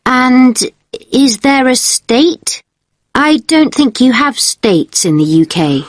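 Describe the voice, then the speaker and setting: A woman's voice: sits high, big pitch swings, takes it slowly, dry recording, clean studio sound, full character voice. A woman playing a courteous hotel receptionist. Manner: polite, formal service tone. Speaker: hotel receptionist in a listening test dialogue. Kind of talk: scripted exam dialogue.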